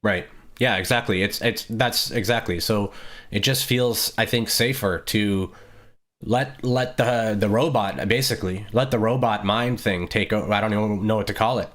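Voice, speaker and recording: A man's voice: lowish voice, normal speed, fairly bright tone. A man co-hosting a casual podcast conversation, talking in a reflective, rambling way with many fillers and restarts. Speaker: podcast co-host.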